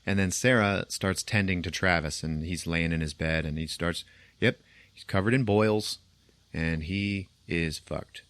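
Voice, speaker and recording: A man's voice: sits low, unhurried, a bit bright, no room sound. A man hosting a podcast, casually retelling a movie's plot, acting out the characters' lines and laughing often. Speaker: podcast host. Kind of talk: casual film recap.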